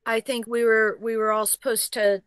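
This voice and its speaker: A woman's voice: fairly high pitch, little pitch movement, moderate pace, smooth, no echo. A woman co-hosting a casual show, reading out tips with upbeat thanks and dry comebacks. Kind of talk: casual chat.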